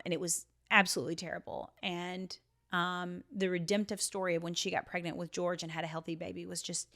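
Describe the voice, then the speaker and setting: A woman in her thirties hosting a podcast, telling a personal story in an earnest, emotional way, often dropping into a hushed voice for quotes. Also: lowish voice. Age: 30s. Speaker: podcast host.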